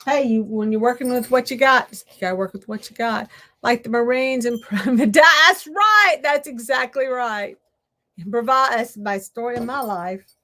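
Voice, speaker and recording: A woman's voice: on the high side, measured pace, bright, forceful tone. Chatty woman crafting. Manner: chatty, self-talking while working, laughs often. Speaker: crafting vlogger. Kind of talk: casual crafting chat to viewers.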